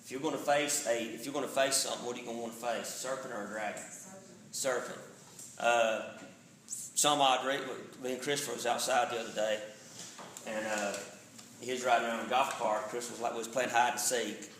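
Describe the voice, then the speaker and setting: A man's voice: mid-range voice, steady tone, fairly quick, fairly bright tone, echoey room, a little hiss or hum, rough recording. A man, a pastor teaching a Bible study in a casual way, often checking in with the room. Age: 40s. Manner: conversational, checks in with "all right?". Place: church sanctuary.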